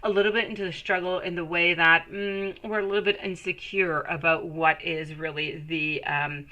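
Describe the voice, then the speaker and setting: Tarot reader, woman, lowish bright voice, chatty live-stream manner, calls viewers sweetie. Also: steady tone, moderate pace, lo-fi sound. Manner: greets viewers while reading cards.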